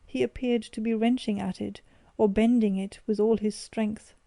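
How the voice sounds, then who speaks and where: Woman, audiobook narrator, measured reading, dark warm tone, dry sound. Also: medium pitch, steady tone, creaky, dry recording.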